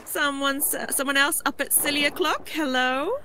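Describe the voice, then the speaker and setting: A woman's voice: high-pitched, steady tone, normal speed, noisy background. A woman chatting and giggling with friends during a co-op game. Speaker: co-op player. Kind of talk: casual gaming chat.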